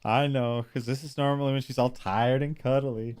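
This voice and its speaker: A young man chatting casually with viewers while he streams a game, relaxed, laughing often and swearing freely. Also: medium pitch, moderate pace, smooth. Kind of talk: casual live-stream chat while gaming.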